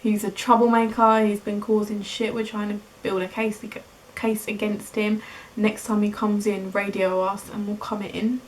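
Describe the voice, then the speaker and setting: A young British woman in her twenties telling a story casually in a vlog, chatty and animated, acting out the dialogue. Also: mid-range voice, moderate pace, a little hiss or hum, low-quality recording. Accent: British English. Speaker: beauty vlogger.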